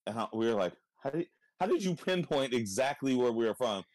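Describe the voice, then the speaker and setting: A man from California with a Californian accent, chatting casually in a relaxed way, swearing and laughing a lot. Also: mid-range voice, fairly quick, dry recording. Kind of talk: casual chat.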